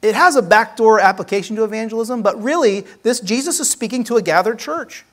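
Pastor mid-sermon, earnest and urging, keeps tossing in quick asides to the congregation. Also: medium pitch. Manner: earnest, exhorting, with frequent "right?" asides. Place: church service.

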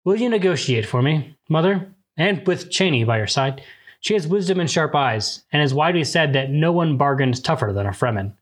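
A man voicing a young male desert ruler, calm and commanding, speaking in a solemn, measured way in a book retelling. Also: on the high side.

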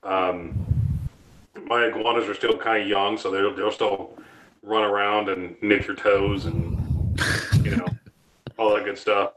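A man's voice: fairly low pitch, fairly even intonation, takes it slowly, long pauses, fairly bright tone, slight background noise, low-quality recording. A man in his thirties, a reptile keeper and show guest, giving long, rambling and blunt explanations in a casual interview.

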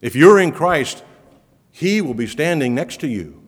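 A man's voice: fairly high pitch, expressive, a little slow. A man preaching a sermon, earnest and emphatic, his voice building on repeated promises. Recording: reverberant hall.

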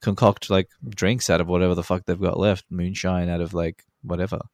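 Low-voiced guy on a podcast, casual chat, swears a lot, lots of ums, dry sound. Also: level tone, a little fast, darkish tone, dry recording. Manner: loose, swearing, many ums, chuckles while talking. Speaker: podcast co-host.

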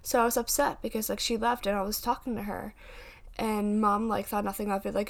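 A woman's voice: mid-range voice, little pitch movement, brisk, creaky. A woman in her twenties hosting a casual podcast, chatting in a rambling way with many fillers and restarts. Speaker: podcast host and paranormal investigator. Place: home.

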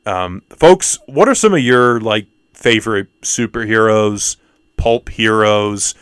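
A man's voice: lowish voice, animated, slow pace, a bit bright, clean tone, no room sound, clean studio sound. A man co-hosting a movie podcast, talking casually with jokes and self-mockery. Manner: joking, self-mocking, trails off. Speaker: podcast co-host. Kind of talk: casual chat.

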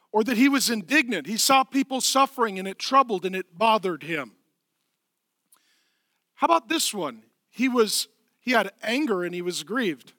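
Male pastor, sermon delivery, high and bright, dry close sound, emphatic with soft hushed passages. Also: dry recording. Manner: emphatic preaching, drops to soft sighing hush.

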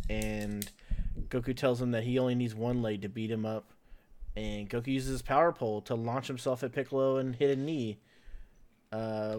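Podcast host, male, mid-pitched, chatty and loose, laughs easily. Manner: chatty, laughs often, fills in with "like" and "uh". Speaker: podcast host recapping an anime episode. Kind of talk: casual podcast recap.

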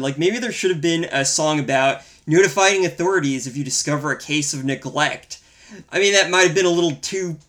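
A man's voice: fairly high pitch, fairly bright tone. A man co-hosting a casual film-review podcast, talking in a wry, rambling, profane way. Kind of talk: casual chat.

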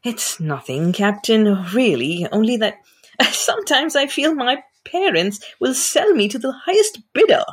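A sheltered young lady with an anxious, earnest manner, her voice lifted noticeably higher as a woman reads her part aloud. The tone is husky and breathy, and it swoops up and down as she pleads and confides. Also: big pitch swings, a little slow, heavily acted. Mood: confiding.

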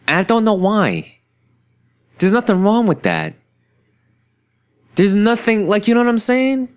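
A man from New York rambling in a casual, profane monologue, animated and full of restarts and rhetorical asides. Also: sits high, normal speed, long pauses. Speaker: solo commentator.

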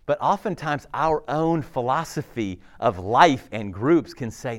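A man preaching a sermon as a pastor, conversational and animated, with laughs and asides. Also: on the high side, measured pace.

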